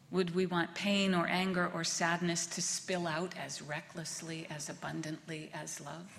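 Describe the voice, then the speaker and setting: A woman minister giving a reflective sermon, speaking gently and letting words trail off softly. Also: on the low side, creaky. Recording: long reverb of a large hall.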